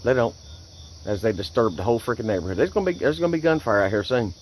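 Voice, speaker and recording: A man's voice: medium pitch, animated, fast, slight background noise, rough recording. A man filming outside by a road, angrily and repeatedly complaining. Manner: angry, indignant, repetitive complaining. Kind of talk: ranting phone vlog.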